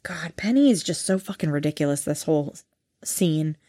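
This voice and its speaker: A low-sitting female voice at a moderate pace recaps a TV episode as a podcast co-host. She's animated and exasperated, swearing often in casual chat.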